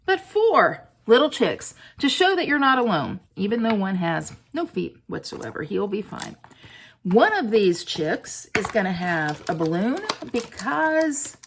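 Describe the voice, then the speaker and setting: A woman's voice: mid-range voice, vocal fry, a little hiss or hum. A woman hosting a casual stamping tutorial, chatting to viewers in a self-deprecating way while she colors. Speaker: crafting video host.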